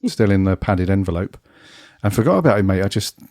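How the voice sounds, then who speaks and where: A man co-hosting a casual fan podcast, croaky from a head cold and chatty, calling his co-host "mate". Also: low voice, lively intonation, fairly quick, a little mellow, no room sound, clean studio sound. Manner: chatty, says "mate" a lot. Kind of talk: casual chat.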